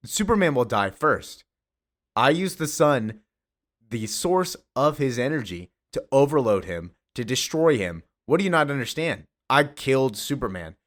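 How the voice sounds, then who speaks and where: A man's voice: medium pitch, sing-song, moderate pace, voice pushed up, lightly acted. A man voicing a boastful male arch-villain, gloating in a matter-of-fact way.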